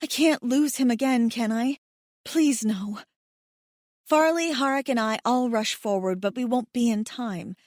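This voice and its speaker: A woman narrates a first-person romance audiobook with emotion and heat, and she swears along the way. Her voice sits fairly high for a woman. The recording is dry and close. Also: unhurried, darkish tone, no echo.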